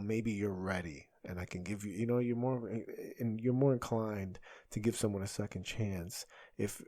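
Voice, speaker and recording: A man's voice: fairly low pitch, a little mellow. A man in his thirties, a comedian hosting a solo podcast, talking in a rambling, conversational way that often stops and restarts. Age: 30s. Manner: rambling, self-interrupting, conversational.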